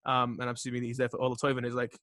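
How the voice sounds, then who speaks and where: A young man chatting casually, full of "um"s and restarts, often trailing off quietly. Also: medium pitch, completely flat delivery, dry recording. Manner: halting, filler-heavy, trails off quietly. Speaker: podcast guest. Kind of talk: casual chat.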